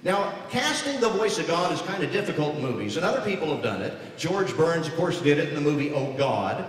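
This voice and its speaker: Animated man speaking in an echoey hall. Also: on the high side, brisk. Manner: animated storyteller slipping into character voices. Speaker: voice actor giving a speech. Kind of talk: comedic keynote speech with impressions. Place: large hall before an audience. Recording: echoey hall recording from far off, crowd noise.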